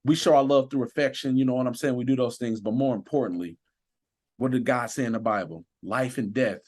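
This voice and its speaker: A man's voice: medium pitch, fairly quick, darkish tone. A man with a mid-range voice tells a personal story on a podcast. He speaks with earnest conviction and builds into a preacher-like rhythm of emphatic phrases. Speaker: guest, sheriff's deputy.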